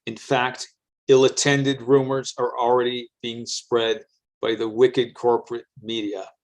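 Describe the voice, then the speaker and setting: A man's voice: mid-range voice, little pitch movement, unhurried, natural voice, low-quality recording. A man voicing a formal, stern statement from a militant group in a story. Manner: formal, declaiming.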